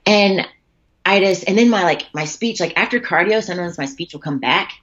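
A woman's voice: fairly low pitch, fairly quick, fairly bright tone, muffled recording. A woman, a bodybuilder guest on a podcast, chatting casually and telling stories with lots of fillers and swearing over a computer call. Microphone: computer call setup.

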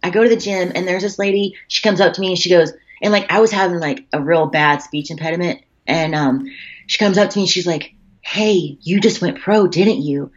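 A lowish-voiced woman tells rambling stories in casual podcast chat, full of fillers and cheerful swearing. Her voice comes through a computer call, sounding dull and lo-fi. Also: fairly even intonation, quick pace. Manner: chatty storyteller, frequent swearing and fillers. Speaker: podcast guest, bodybuilder. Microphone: computer call setup.

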